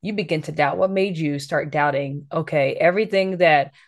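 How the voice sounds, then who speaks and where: Low-voiced woman interviewer. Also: normal speed. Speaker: interview host. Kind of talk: faith interview.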